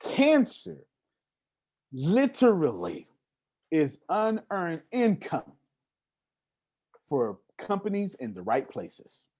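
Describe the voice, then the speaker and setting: A man speaks at a live seminar with a lively, swinging pitch. He hammers points home by repeating words and keeps asking his small audience whether they follow. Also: slow, long pauses. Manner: emphatic, preacher-like repetition and questions to the audience. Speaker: motivational speaker.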